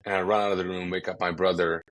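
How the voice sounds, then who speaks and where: A man from Kuwait speaks in a very low, deep register. He recounts his story conversationally as a pastor guest, acting out what people said and stumbling over restarts as he goes. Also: level tone, fast talker, a bit bright. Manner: vivid storytelling with acted-out quotes and frequent restarts.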